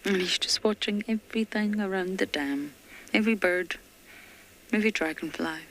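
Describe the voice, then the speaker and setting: A woman safari guide giving hushed, chatty live commentary from an open-air game drive, often dropping to a half-whisper. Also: mid-range voice, normal speed, slight background noise, poor audio.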